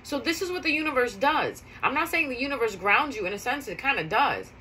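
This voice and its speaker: Chatty woman vlogger, bright and slightly high, repeats herself for emphasis. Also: animated, a little fast, a little hiss or hum, low-quality recording. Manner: chatty, conversational, repeats key phrases for emphasis. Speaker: spiritual vlogger. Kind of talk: casual storytelling monologue.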